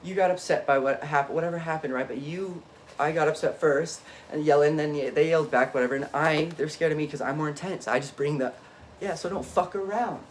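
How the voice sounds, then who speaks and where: A man in an unscripted, rambling monologue, swinging between low muttering and emphatic outbursts and often cutting himself off mid-thought. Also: a little fast, slight background noise. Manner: frequent self-interruptions and restarts. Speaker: vlogger.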